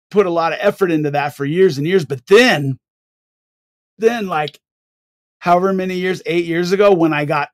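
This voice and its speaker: An older man, a guest on a podcast, telling rambling, animated stories with many restarts. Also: on the high side, no room sound. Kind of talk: casual interview storytelling.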